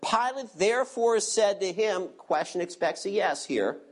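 A man's voice: sits high, lively intonation, measured pace. Male pastor delivering a teaching sermon, emphatic, asks questions and has listeners turn to verses. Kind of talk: expository sermon.

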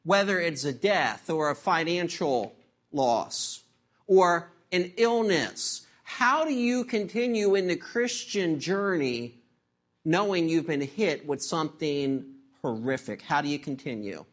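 A man's voice: fairly high pitch, expressive, takes it slowly. A male pastor delivering a sermon, opening with a joke and closing in prayer. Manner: tells a joke, then preaches and prays.

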